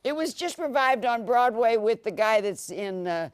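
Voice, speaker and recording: A woman in her eighties, a guest on a TV talk show, chatting casually and flatly contradicting others. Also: a little high, clean tone, no echo. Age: 80s. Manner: blunt, emphatic, quick to contradict. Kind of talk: casual chat. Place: TV studio.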